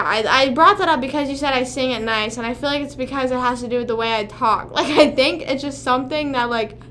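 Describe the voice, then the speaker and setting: A woman's voice: fairly high pitch, a bit bright, a little hiss or hum. A young woman hosting a casual livestream, rambling to her chat and swearing often. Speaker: livestream host.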